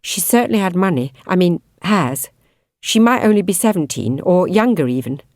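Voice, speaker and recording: A woman's voice: fairly low pitch, expressive, normal speed, darkish tone, no echo, clean studio sound, lightly acted. A woman reading an earnest young pop star. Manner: earnest, hesitant.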